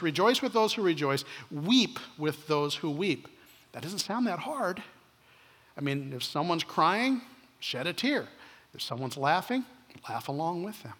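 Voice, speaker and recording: A male pastor preaching an earnest sermon, slowing down to stress key points and dropping to soft, quiet asides. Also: on the high side, husky. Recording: reverberant hall.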